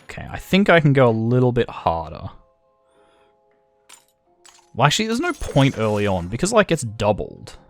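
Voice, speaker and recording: A man's voice: medium pitch, huge pitch swings, normal speed, long pauses, soft background music. A man with an Australian accent giving casual, self-deprecating let's-play commentary, thinking aloud as he plays. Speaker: gaming channel host.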